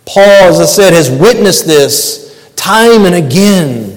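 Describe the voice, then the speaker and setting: Slow, high-voiced preacher in a reverberant hall. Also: male voice, animated. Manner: emphatic, repeats key phrases. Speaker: pastor. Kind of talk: sermon.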